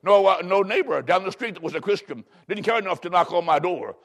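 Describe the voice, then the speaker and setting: Man, pastor from Illinois, sermon, slow dramatic emphasis, solemn scripture reading, somewhat high voice. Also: lively intonation, creaky.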